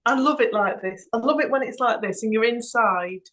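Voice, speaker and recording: Easygoing woman with a slightly high voice. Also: fairly quick, a bit bright, rough recording. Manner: easygoing, thinking aloud with "um". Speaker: podcast co-host. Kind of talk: casual chat.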